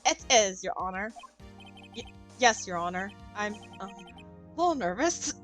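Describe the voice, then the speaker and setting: A woman's voice: mid-range voice, animated, measured pace, soft background music, natural voice. A woman voicing a nervous young male defense attorney, reading his game lines in her normal voice. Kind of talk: game dialogue read aloud.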